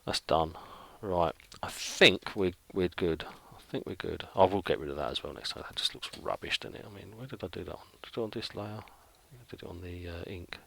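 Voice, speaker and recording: A man's voice: sits low, brisk, gravelly, few pauses, fairly bright tone, slight background noise. A middle-aged man who chats casually while drawing, rambling and thinking aloud with lots of fillers. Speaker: illustrator.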